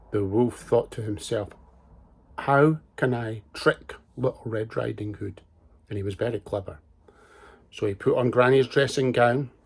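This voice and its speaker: A man reading a fairy tale aloud to children in a gentle, expressive way. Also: medium pitch, husky. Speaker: storyteller.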